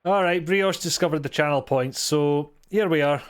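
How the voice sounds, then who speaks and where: A man's voice: fairly high pitch, normal speed, clean tone. Man with a thick Glaswegian accent. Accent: thick Glaswegian Scottish. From Scotland. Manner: wry, swears, chats to chat while playing. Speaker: game streamer. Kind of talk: casual live-stream chat with viewers.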